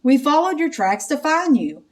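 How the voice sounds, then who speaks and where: A woman reading a storybook aloud and voicing a steady, confident young man who speaks in a calm, reassuring way. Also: high voice, moderate pace, recorded from a distance, voice pushed up.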